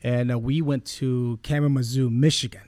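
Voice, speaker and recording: A man's voice: mid-range voice, steady tone, normal speed, darkish tone, no echo. A man in his forties, a guest telling a personal story in a conversation, earnest and rambling, often correcting himself as he goes. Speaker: podcast guest.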